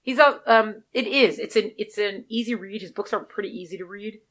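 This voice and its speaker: A woman co-hosting a podcast, talking through a book in a relaxed way with frequent fillers. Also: medium pitch, brisk. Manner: relaxed, filler-heavy, easygoing. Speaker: podcast co-host. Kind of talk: casual book discussion.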